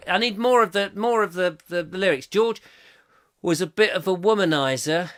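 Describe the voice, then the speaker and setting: A man's voice: sits high, fairly quick, a bit bright. Playful rambling male chat show host. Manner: rambling, playful, self-mocking, trails off into humming. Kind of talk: comic live chat, reading viewer comments.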